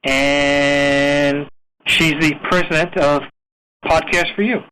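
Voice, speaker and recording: A man's voice: a little high, fairly even intonation, slow, sharp tone, smooth, rough recording. A man hosting a podcast in casual chat, teasing and joking with his co-hosts. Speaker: podcast host.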